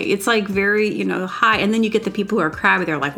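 A woman's voice: medium pitch, fast, gravelly, hardly any pauses, fairly bright tone. A woman telling a rambling personal story in a casual solo vlog, upbeat and giggly, with lots of "like" fillers. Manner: rambling, chatty, full of "like" fillers.

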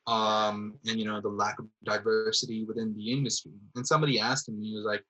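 A man's voice: lowish voice, flat delivery, fairly quick, hardly any pauses, sharp tone, low-quality recording. A man, a theatre artist, talking reflectively as a guest, rambling thoughtfully with lots of fillers. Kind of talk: reflective casual conversation.

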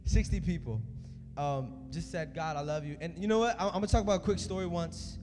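Energetic young male preacher, echoey hall. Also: high voice, fairly quick. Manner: energetic, conversational storytelling. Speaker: youth preacher. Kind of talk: sermon. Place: church service in a hall. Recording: echoey hall with music behind.

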